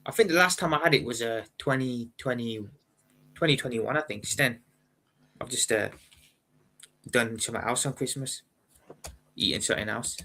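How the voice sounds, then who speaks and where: A young man talking casually on an online stream, hesitant and filling pauses with ums and repeated nahs. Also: mid-range voice, pushed and bright. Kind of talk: casual chat.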